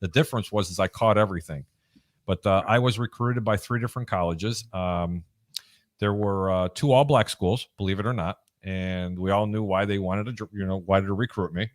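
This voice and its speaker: A middle-aged man co-hosting a casual sports chat, telling lively stories about his school days over a video call. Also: deep voice, normal speed. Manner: animated storyteller, acts out shouting coaches. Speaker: co-host.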